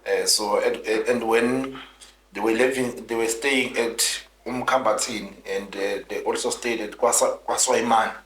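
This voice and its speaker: A man's voice: on the low side, fairly even intonation, a little slow, fairly bright tone, a little hiss or hum. A man, a politician being interviewed, telling his story in an earnest, rambling way full of restarts. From South Africa. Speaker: guest politician. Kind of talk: interview, recounting his life. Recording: roomy echo.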